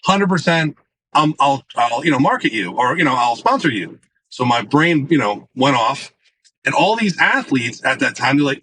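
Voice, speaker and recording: A man telling stories in a casual interview, animated, acting out the voices of people he quotes. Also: medium pitch, normal speed, breathy edge, low-quality recording. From United States. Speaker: marketing executive guest.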